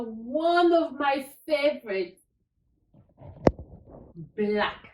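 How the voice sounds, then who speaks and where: A woman's voice: a little high, echoey room, distant mic, rough recording. A woman teaching a language lesson, upbeat, spelling out words letter by letter. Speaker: French teacher.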